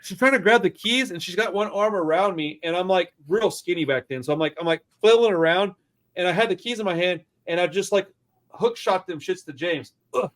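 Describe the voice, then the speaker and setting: A young man with a voice sitting a little high for a guy tells stories on a casual podcast. He swears freely and gets animated, acting out every quote. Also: fairly quick. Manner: animated, profane, acts out quotes. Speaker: podcast co-host. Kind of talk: casual storytelling chat.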